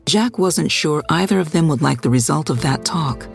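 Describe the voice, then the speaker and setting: A woman reading a scripted story as narrator, in a steady, measured way, close to the microphone. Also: low voice, gravelly, music in the background. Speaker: audiobook narrator.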